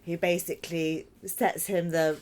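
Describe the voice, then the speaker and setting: A woman's voice: fairly low pitch, little pitch movement, unhurried, darkish tone. A woman actor chatting on a podcast about her stage role, talkative and apologetic, laughing between remarks. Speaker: actor in the company. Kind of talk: casual podcast chat.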